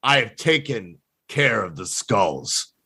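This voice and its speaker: A man's voice: lowish voice, very animated, slow, bright, forceful tone, slightly rough, heavily acted. A man voicing a male hobgoblin war commander who barks powerful orders. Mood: commanding. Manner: barking orders.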